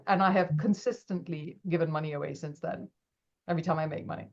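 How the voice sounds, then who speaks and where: Animated woman telling stories. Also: fairly low pitch, brisk, dull audio. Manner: animated, acts out quoted voices, laughs often. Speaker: podcast guest. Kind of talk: casual interview storytelling.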